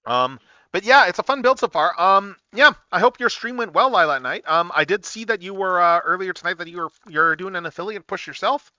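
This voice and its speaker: A male livestream host with a high, sharply bright voice talks casually as he works, rambling and thinking out loud with bursts of excitement. The recording is a little dull and lo-fi, with a dry sound and no room echo. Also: a little fast. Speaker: livestream host building model kits.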